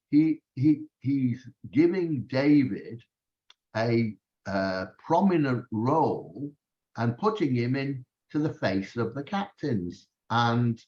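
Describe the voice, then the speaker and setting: A man, a student in a class, answering the teacher's question slowly and deliberately, with several restarts. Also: medium pitch, darkish tone. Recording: lo-fi recording.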